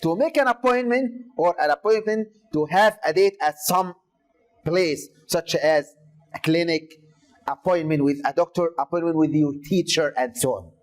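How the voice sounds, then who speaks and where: A man's voice: on the high side, normal speed, rough recording. A man teaching an English lesson to secondary students, explaining step by step and repeating key words; Arabic is his first language.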